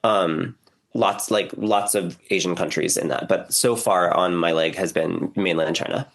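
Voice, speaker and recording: A young American man co-hosting a podcast, sounding hoarse from a cough and chatting in an animated way. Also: low-pitched, measured pace. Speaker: podcast co-host. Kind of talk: casual chat.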